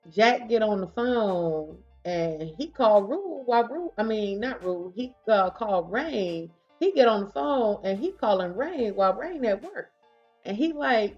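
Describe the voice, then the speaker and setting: A woman casually narrating a story in a chatty, animated way, often laughing along. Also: a little high, muffled recording.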